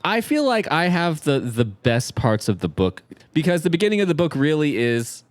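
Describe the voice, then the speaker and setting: A man co-hosting a podcast, playfully summarizing a book with animated storytelling. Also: a little high, normal speed, dry recording. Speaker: podcast co-host.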